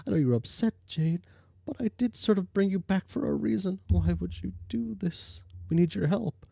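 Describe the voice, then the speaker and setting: A man's voice: sits high, lively intonation, moderate pace, gravelly, dark tone, no room sound, studio quality, full character voice. A man voicing a patient, coaxing young woman. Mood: pleading. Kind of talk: reading a webcomic aloud in voices.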